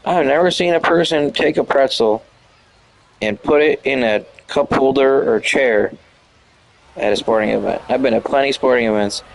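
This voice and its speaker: Young dude w a gravelly voice, swearing and going off casually while gaming. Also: male voice, medium pitch, normal speed, low-quality recording. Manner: loose, profane, incredulous riffing. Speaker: gamer commentating on a video game. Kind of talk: casual chat over gameplay.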